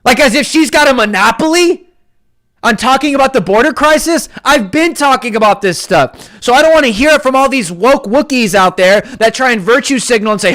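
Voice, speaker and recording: Man, live-stream host, impassioned political rant, very high voice, shouts and taunts. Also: expressive, moderate pace.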